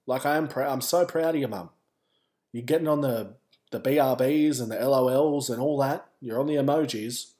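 Casting: Australian male podcast host, candid and wry, mid-pitch, loose rambling storytelling. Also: moderate pace, warm tone. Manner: candid and wry, wandering asides. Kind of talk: casual personal storytelling.

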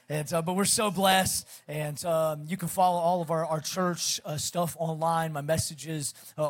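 A middle-aged man with a slight Southern accent, a guest pastor opening a sermon in an energetic, chatty way with self-deprecating humor. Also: fairly high pitch. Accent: Southern American, Texas. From Pacific Northwest of the US. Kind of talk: sermon introduction.

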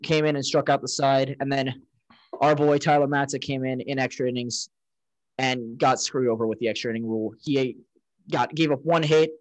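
Male sports podcast co-host, casual and rambling, average pitch, dry recording. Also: fairly even intonation, normal speed, no echo, poor audio. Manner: rambling, recaps stats with frequent restarts.

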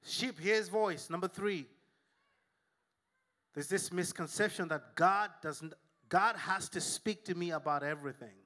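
A male pastor delivers a sermon with a bright, forceful edge to his voice. He preaches emphatically, mixing in jokes and calls for the congregation to answer back. His voice sits a touch higher than most men's. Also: a little slow. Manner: emphatic, humorous preaching with call and response. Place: church.

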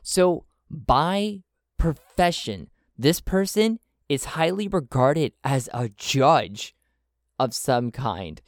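A man with a slightly high, lively voice narrates a solo tabletop role-playing game slowly, acting as both game master and player. He thinks aloud while checking his rolls and charts, in a dry, studio-quality recording.

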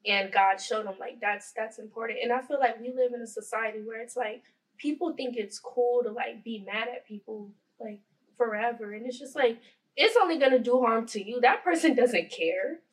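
A woman co-host chats casually and earnestly, sprinkling "like" through every thought. Her voice sits a bit high and sounds slightly distant from the microphone. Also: moderate pace. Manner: heavy use of "like", earnest. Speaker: podcast co-host. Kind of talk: casual chat.

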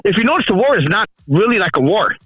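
A man's voice: sits high, sing-song, fast talker, a bit bright, slightly rough, dry recording, lo-fi sound. A man chatting casually on a podcast, rambling and joking with frequent restarts. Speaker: podcast co-host calling in from the road.

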